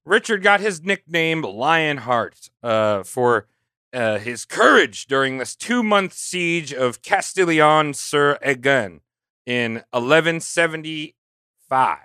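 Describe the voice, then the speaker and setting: A man's voice: fairly high pitch, lively intonation, slow pace, sharp tone, smooth, no room sound, clean studio sound. A man on a comedy podcast, retelling history in a loose, joking way full of "like" and "you know.". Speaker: podcast co-host telling history. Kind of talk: casual comedic history storytelling.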